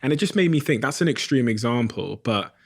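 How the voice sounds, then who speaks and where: A man hosting an interview, speaking thoughtfully and haltingly as he searches for his words. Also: medium pitch, expressive, creaky, dry recording. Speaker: podcast host. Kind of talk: reflective interview questions.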